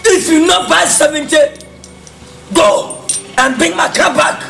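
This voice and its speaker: An actor with a Ghanaian accent playing a hot-tempered man haggling over his car, shouting and repeating himself. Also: very high voice, unhurried, creaky, soft background music, exaggerated voice. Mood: angry. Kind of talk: film drama acting.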